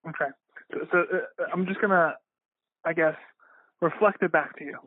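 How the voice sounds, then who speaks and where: A man's voice: fairly high pitch, normal speed, no echo. A man co-hosting a casual chat, hesitant and self-deprecating, laughing often as he restates points. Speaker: podcast co-host. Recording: dry, phone-like line.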